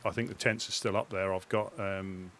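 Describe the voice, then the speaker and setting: A man on game voice chat, calmly explaining things with some hesitation. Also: sits low, normal speed, a little hiss or hum. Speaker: game player.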